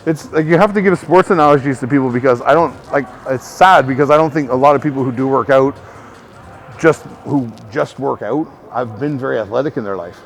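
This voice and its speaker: Speaking briskly in a mid-range voice, a male personal trainer coaches the camera in a loose, rambling way. His talk is profane and stuffed with "like" as filler.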